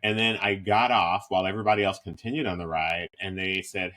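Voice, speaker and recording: Talking fast and hardly pausing, a co-host in his fifties uses a low, bright voice with a forceful edge. The podcast chat is casual, and he's frank and self-deprecating, frequently starting over.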